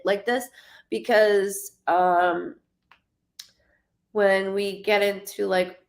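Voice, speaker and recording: A woman in her thirties giving a live-streamed psychic reading, halting and stuttering, often repeating words as she searches. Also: mid-range voice, level tone. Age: 30s.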